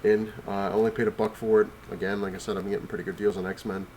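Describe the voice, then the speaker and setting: A man with a somewhat low voice, sick and short of breath, rambles in a casual home vlog, stumbling through fillers and repeated words. A faint background noise sits under his voice. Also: level tone, fast, darkish tone. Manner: rambling, full of fillers and restarts. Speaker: comic collector vlogger. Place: home, on the couch.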